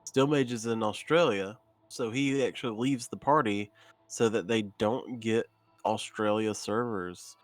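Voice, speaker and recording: A man co-commentating a live game, making relaxed, dry remarks. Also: lowish voice, measured pace, dry recording. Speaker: esports co-commentator.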